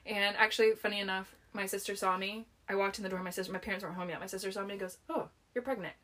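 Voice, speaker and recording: A young woman co-hosting a casual chat, telling stories in an animated way and acting out what people said. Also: medium pitch, rapid-fire. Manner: animated, laughing, acts out quotes. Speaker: podcast co-host.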